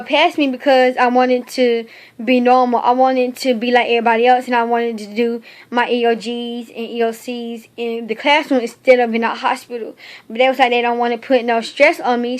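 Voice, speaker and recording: A young woman records a personal video diary. Her voice sits a little high, and she talks in a halting, heartfelt way, pausing often on fillers. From North Carolina, United States. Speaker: video diarist.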